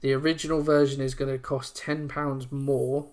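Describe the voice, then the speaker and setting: Young guy, mid-pitch, loose rambling podcast chatter. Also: level tone. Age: 20s. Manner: chatty, rambling, reads aloud haltingly. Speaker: podcast co-host. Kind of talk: casual chat.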